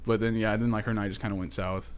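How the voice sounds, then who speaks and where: A man's voice: fairly low pitch, level tone, quick pace, clear, resonant tone. A young man, co-hosting a podcast and telling a rambling story, full of "like" and "dude" and plenty of swearing. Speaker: podcast co-host. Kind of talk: casual storytelling chat.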